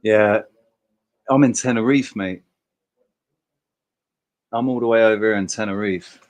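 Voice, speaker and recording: A man's voice: on the low side, measured pace. A man hosting a casual livestream chat, talking emphatically in a rambling way and swearing freely. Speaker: host.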